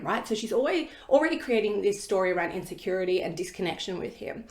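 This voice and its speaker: A woman's voice: medium pitch, animated, fairly quick, hardly any pauses, darkish tone. A woman hosting a solo podcast, talking bluntly and emphatically and swearing casually. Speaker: podcast host. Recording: roomy echo.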